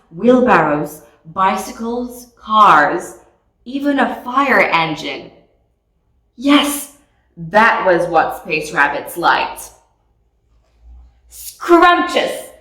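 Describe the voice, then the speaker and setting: A woman reading a picture book aloud with slow, expressive storytelling. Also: fairly low pitch, distant mic. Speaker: storybook reader. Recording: echoey room, voice off mic.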